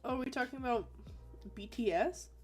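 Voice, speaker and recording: A woman chatting casually while she draws, telling animated stories, laughing often, and acting out quotes in squeaky voices. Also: fairly quick, soft background music. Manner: animated storyteller who acts out quotes in high squeaky voices. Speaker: artist hosting a drawing stream. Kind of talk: casual chat while drawing.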